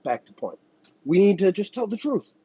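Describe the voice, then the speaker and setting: A man delivers a solo commentary rant, swearing freely and wandering from point to point. His husky voice swings widely up and down. The recording is dull and lo-fi, with a dry sound. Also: high-pitched, very animated, normal speed, dark tone. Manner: profane, heated, rambling. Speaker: podcast host.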